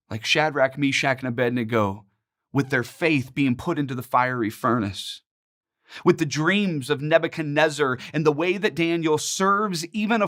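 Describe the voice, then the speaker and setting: A man's voice: on the high side, a bit bright. Earnest man teaching a Bible study. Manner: earnest and emphatic, with measured rhythmic pauses.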